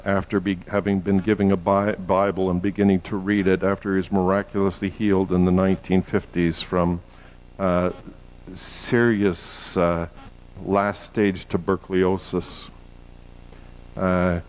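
A male pastor preaching a sermon, with steady, conversational stretches that climb into loud, emphatic peaks. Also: slight background noise, low-quality recording. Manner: builds to loud, high emphatic peaks, with frequent uh fillers.

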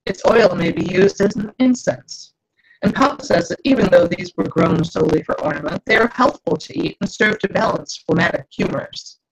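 A woman's voice: medium pitch, moderate pace, creaky, slightly rough. A woman author voicing an earnest, bookish young girl who speaks in archaic phrasing while reading aloud. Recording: dull lo-fi video call audio.

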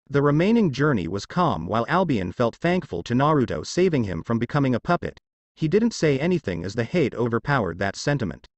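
A man narrating an action fan fiction story in an expressive storytelling manner. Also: mid-range voice, a little fast, dry recording.

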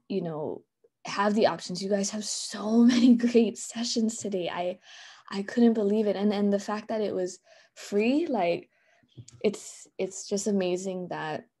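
A woman's voice: fairly low pitch, dark tone. A woman giving a casual conference talk on a video call, chatty and full of fillers and restarts. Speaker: conference presenter. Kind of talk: casual live online presentation.

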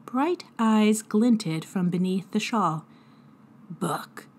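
A woman teacher reading a chapter book aloud to students in a deliberate, expressive narration. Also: mid-range voice. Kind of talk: storybook read-aloud narration.

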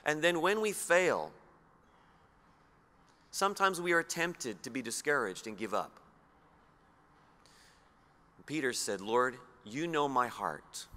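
Aussie guy preaching, reads scripture slow and low, asks the room questions, bright tone. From Australia. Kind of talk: sermon with scripture reading. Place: church hall. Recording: long hall reverb.

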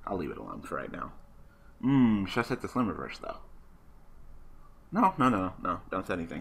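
A man's voice: sits low, very animated, fairly quick, vocal fry, long pauses, fairly bright tone, a little hiss or hum. A man giving casual commentary while playing an online card game, muttering his moves to himself and then laughing and ranting at an opponent who quit. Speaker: gaming channel host.

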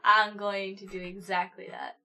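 A woman's voice: medium pitch, level tone, moderate pace, bright, forceful tone, slight background noise. A woman hosting a casual live stream while gaming, playful and giggly as she greets her chat. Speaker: streamer host.

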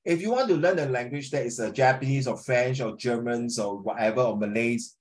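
A man teaching a language class in colloquial English, keeping it lively and checking with tag questions that his students follow. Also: mid-range voice, a little fast. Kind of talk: informal classroom lecture.

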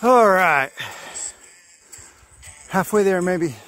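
A man with a fairly high voice walks a forest trail, vlogging casually and talking to himself. He goes slowly and pauses often, rambling and cracking jokes as faint music plays in the background.

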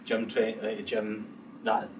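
A Scottish man co-hosting a podcast, thinking out loud in hesitant, reflective casual chat. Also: on the low side, completely flat delivery, takes it slowly. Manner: reflective, musing, hesitant with fillers. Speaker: podcast co-host. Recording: distant mic with clear background noise.

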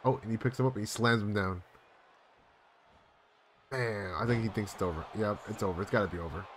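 A young man streaming live, giving excitable play-by-play commentary on a wrestling video game with sudden loud exclamations. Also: lowish voice, brisk, a little hiss or hum.

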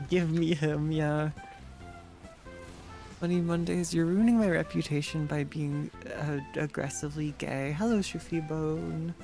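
A streamer chatting casually while playing a game, sarcastic and quick to react to chat and gameplay. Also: mid-range voice, flat delivery, a little mellow, soft background music.

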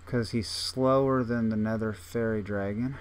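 A man's voice: fairly low pitch, fairly even intonation, measured pace, smooth. A young man casually thinking aloud while playing a game, self-mocking and full of restarts. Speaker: gaming video host. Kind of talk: casual gameplay commentary.

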